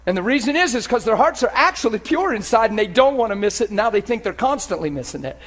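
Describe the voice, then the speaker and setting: A man preaching a sermon in an animated way, acting out inner voices and checking that his listeners follow. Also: sits high, quick pace.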